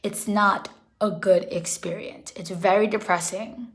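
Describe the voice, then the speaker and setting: A woman's voice: mid-range voice, steady tone, a little slow. A young woman talking casually in a vlog, earnest and rambling, correcting herself as she goes, emotional and holding back tears. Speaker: pet vlogger.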